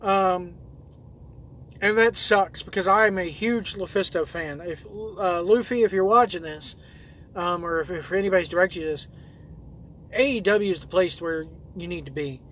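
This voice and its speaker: A man's voice: high voice, normal speed, fairly bright tone, slight background noise. A man who drives trucks and hosts his own videos, reading viewer comments aloud in a loose, rambling way with lots of fillers and restarts.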